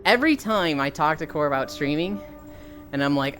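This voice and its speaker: Lively young woman streamer. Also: low-pitched, normal speed, soft background music. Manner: animated storytelling, swears freely, reads chat aloud. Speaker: livestreamer. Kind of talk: casual chat while walking.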